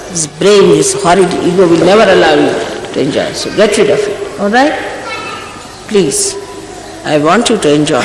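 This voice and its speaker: A woman gives an earnest, scolding spiritual talk to her followers. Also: on the low side. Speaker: spiritual teacher. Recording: echoey hall recording, faint noise.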